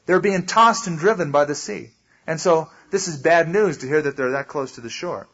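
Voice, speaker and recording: A male pastor teaches a sermon in a loose, conversational way, stopping often to explain. His voice is a little high and husky. The recording has a dull, lo-fi sound. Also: moderate pace, fairly bright tone. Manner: conversational, explains with asides and acted quotes. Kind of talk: sermon, verse-by-verse Bible teaching.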